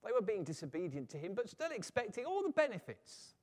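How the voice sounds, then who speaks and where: A man preaching a sermon in a lively way, sometimes acting out quoted voices. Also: sits high, fairly quick, long reverb tail. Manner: animated, acts out quoted voices.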